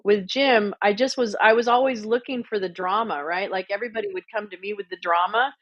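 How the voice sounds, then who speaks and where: A woman hosts a casual stream, swearing freely as she tells her stories with blunt, animated energy. Her voice sits in a middle register. The audio is dull and lo-fi, dry and close. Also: mid-range voice, fairly quick, dry recording. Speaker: livestream host. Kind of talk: casual profane chat. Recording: muffled lo-fi audio.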